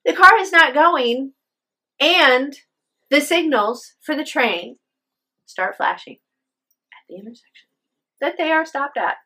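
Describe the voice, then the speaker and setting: A woman's voice: high-pitched, animated, takes it slowly, long pauses, sharp tone. A woman telling a spoken ghost story with drama, acting out the voices of her characters.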